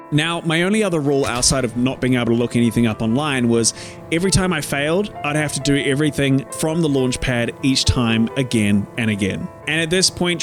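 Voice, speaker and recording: Excitable young man narrating gameplay over music. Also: medium pitch. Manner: excitable, swears freely, panics aloud. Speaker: gaming YouTuber. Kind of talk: gameplay commentary. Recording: game music behind voice. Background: game music.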